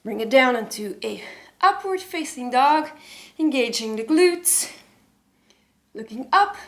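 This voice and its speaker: A woman's voice: sits high, lively intonation, slow, reverberant. A woman yoga instructor, out of breath as she cues a flow while doing it, encouraging throughout. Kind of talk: guided yoga class instruction.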